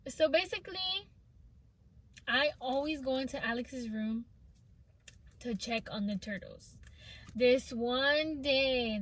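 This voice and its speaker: A woman with a fairly high voice rambles through a storytime for her vlog. She talks in a loose, chatty way and leans on filler words as she goes. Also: a bit bright. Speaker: vlogger. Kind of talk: casual storytime.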